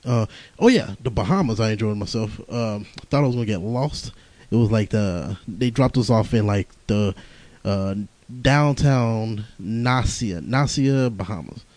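A man's voice: lowish voice, expressive, unhurried, a little mellow, no room sound, low-quality recording. A young man hosting a podcast on his own, tired and rambling, cursing often and laughing through his stories. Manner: profane, laughing, rambling storyteller. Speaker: podcast host. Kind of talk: casual rambling monologue.

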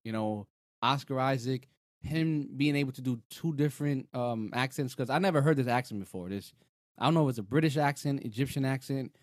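Animated man in casual show chat. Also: medium pitch, fairly quick, dry recording, studio quality. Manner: animated, rambling, many fillers. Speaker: podcast co-host. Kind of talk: casual chat reviewing a TV episode.

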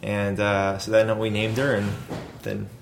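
A man's voice: lowish voice, monotone, measured pace, vocal fry, soft background music. A man who founded a food company, talking casually in an interview and rambling with many fillers and restarts.

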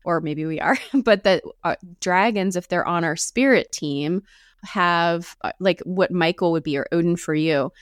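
A woman guest on a podcast, chatting casually in a relaxed, loose way with casual swearing. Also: fairly low pitch, normal speed, clean tone, no room sound, clean studio sound.

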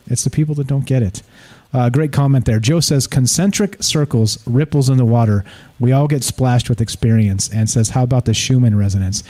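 Male live-show host, loose and profane, mid-pitched mellow voice, talks in restarts. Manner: rambling, profane, frequent restarts. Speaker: podcast host reading listener comments. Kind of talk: casual live-show chat.

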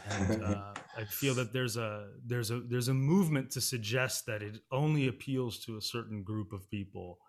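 A man, an opera singer and music writer, talking candidly as an interview guest, animated and quick to laugh. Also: mid-range voice. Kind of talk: casual interview conversation.

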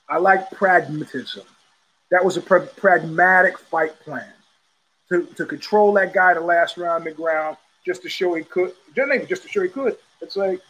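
A sardonic male host holds forth in a loose, rambling monologue, blunt and quick to mock. His voice sits fairly high for a man and has a husky, slightly rough edge. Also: fairly bright tone, muffled recording. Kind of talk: casual solo commentary.

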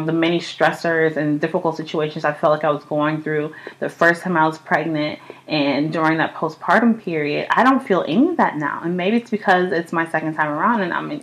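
Young woman host, casual home podcast, high and chatty, swears freely, laughs often. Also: poor audio. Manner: profane, laughing, animated storytelling. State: high on cannabis. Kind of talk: casual chat. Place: home apartment.

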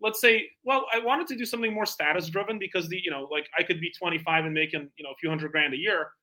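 A middle-aged man speaks quickly with a bright, forceful edge. He tells sales stories in a lively, animated way, acting out both sides of a call. His voice sits a little high for a man. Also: rough recording. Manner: energetic, animated, acts out phone calls. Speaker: guest, bespoke tailor and founder. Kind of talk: casual interview storytelling.

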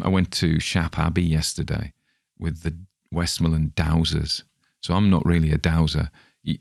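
Very deep-voiced rambling middle-aged man. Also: vocal fry, darkish tone, no room sound, clean studio sound. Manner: rambling, chatty, with restarts. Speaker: podcast host. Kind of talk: casual chat.

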